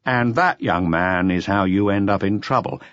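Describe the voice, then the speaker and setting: A man doing a gruff, blunt police chief inspector. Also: low voice, normal speed, fairly bright tone, no echo. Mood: interrogating. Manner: blunt, coaxing interrogating tone, occasionally paternal. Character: gruff, impatient middle-aged male police chief inspector. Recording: slightly dull lo-fi audiobook recording.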